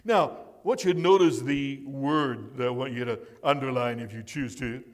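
A man's voice: medium pitch, moderate pace. A man preaching a sermon as pastor, stressing and repeating key words for emphasis. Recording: long reverb of a large hall.

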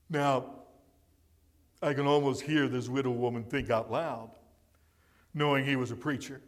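Male pastor, fairly high voice, emphatic and repetitive delivery, long hall reverb. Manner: emphatic, repeats key words. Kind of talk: sermon.

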